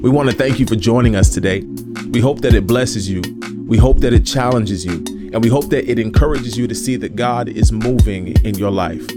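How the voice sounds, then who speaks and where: A man reading a calm, scripted welcome for a ministry podcast. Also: medium pitch, fairly quick. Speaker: ministry creative director introducing podcast. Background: music.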